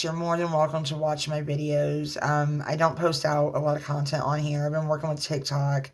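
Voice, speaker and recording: A woman, a mother, talking casually to her viewers in a rambling, halting way with lots of fillers, earnestly offering religious encouragement. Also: sits low, little pitch movement. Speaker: vlogger. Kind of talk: casual talk to camera.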